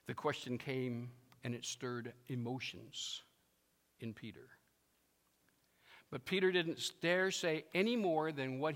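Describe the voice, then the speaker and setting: A man's voice: medium pitch, a bit bright. A male pastor preaching a sermon, emphatic and fond of repeating his phrases, with a long reverb from a large hall.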